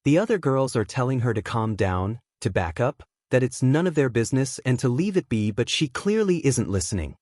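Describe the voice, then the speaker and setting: A man's voice: medium pitch, lively intonation, normal speed, hardly any pauses, darkish tone, dry recording. Man narrating a fanfic, dry sound. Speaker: fanfiction reader.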